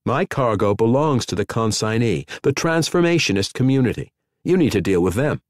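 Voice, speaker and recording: A male narrator voicing a calm, level-spoken ship's commander. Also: medium pitch, normal speed, no room sound, studio quality, lightly acted.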